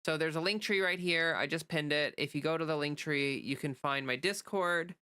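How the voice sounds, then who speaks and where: A woman's voice: low-pitched, moderate pace, sharp tone, smooth, no room sound. Young woman, casual streamer, rambling with fillers and restarts, dry close sound. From United States. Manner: reads chat comments aloud and greets viewers. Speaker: livestream host. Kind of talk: casual livestream chat.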